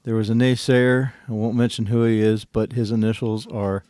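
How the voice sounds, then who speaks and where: A man's voice: on the low side, little pitch movement, moderate pace, warm tone, smooth, dry recording, studio quality. A middle-aged man co-hosting a live trading stream, chatting in a jokey, playful way with many fillers. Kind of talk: casual live-stream chat.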